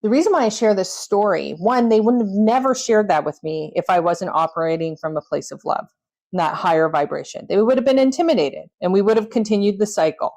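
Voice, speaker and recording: On her reflective solo podcast, a woman talks earnestly in a brisk, mid-range, slightly mellow voice. She tells stories with a tone of coaching herself.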